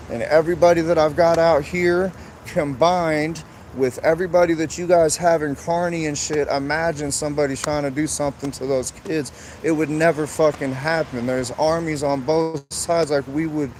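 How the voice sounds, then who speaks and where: Guy ranting on a live stream, heated and rambling, cussing a lot, a bit high voiced. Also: a little mellow, a little hiss or hum.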